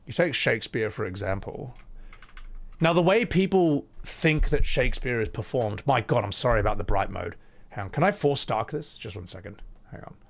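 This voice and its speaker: A man's voice: medium pitch, lively intonation, normal speed, creaky. A man chatting casually on a live stream, opinionated and sweary, with frequent asides.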